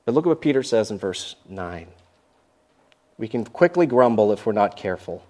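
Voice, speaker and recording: A man's voice: lowish voice, sing-song, normal speed, darkish tone. A man who is a pastor, preaching a sermon in church and acting out grumbling lines with animation.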